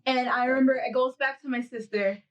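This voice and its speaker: A woman with a high voice tells a story on a casual podcast, acting out quotes with lively energy and laughing often. She sits some way back from the mic, so her voice sounds distant and roomy. Her delivery is chatty and full of fillers. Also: a little fast. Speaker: podcast host.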